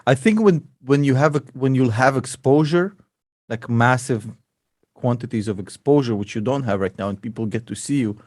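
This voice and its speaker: A man's voice: medium pitch, moderate pace, darkish tone, no room sound, studio quality. A man, an investor and podcast co-host, chatting casually and joking a lot. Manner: laughs a lot, calls people bro.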